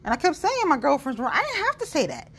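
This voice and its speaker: A woman's voice: high voice, wildly swooping pitch, fast, fairly bright tone. A woman giving a casual, profane, sassy monologue about local politics straight to her viewers. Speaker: political commentator. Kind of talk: casual unscripted monologue to followers.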